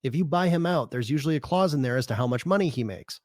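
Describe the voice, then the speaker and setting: A man's voice: on the high side, lively intonation, fast talker, darkish tone, no room sound. A man on a casual podcast, laying out a reasoned counterargument. His voice sits a little above the usual male range. The sound is dry and close. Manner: reasoned, argumentative. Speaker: podcast co-host.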